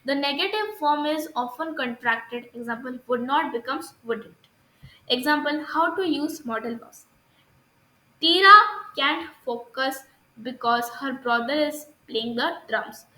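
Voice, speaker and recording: Indian English woman, grammar teacher, halting delivery, sharp bright tone. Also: high voice, roomy sound, rough recording. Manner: hesitant, many fillers and restarts, asks "understood?". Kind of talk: recorded grammar lesson.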